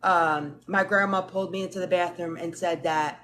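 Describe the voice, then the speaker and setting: A young woman in casual chat, telling family stories with lively acted-out quotes. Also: fairly low pitch, moderate pace, few pauses, slight background noise. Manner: animated, acts out family quotes. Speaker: guest.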